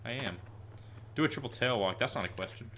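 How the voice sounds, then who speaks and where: Excitable 18-year-old male streamer, bright voice. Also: medium pitch, a little fast, slight background noise. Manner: chatty, bursts into excited frustrated yelps. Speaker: gaming streamer. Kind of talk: live stream gameplay commentary and Q&A. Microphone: headset with headphones.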